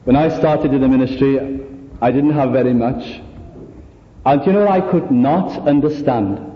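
A man preaching a sermon, earnest and full of rhetorical questions, pausing to act out the people he quotes. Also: sits high. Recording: echoey hall, dull lo-fi sound.

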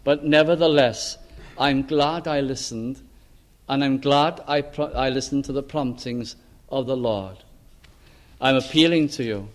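An older man from Wales giving an earnest sermon testimony, pleading with his hearers and dropping to a hush on solemn words. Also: medium pitch, unhurried. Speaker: preacher.

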